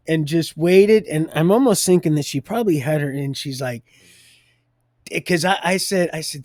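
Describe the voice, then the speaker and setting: A man's voice: fairly high pitch, normal speed, a little mellow, no echo, clean studio sound. Rambling, chuckling man telling a faith story. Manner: rambling, laughs often mid-sentence, repeats words. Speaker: live-stream host.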